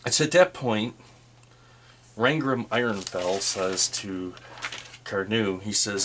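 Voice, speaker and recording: A man narrating a solo tabletop game as game master, in a relaxed, rambling way. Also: fairly low pitch, slow, long pauses, noisy background.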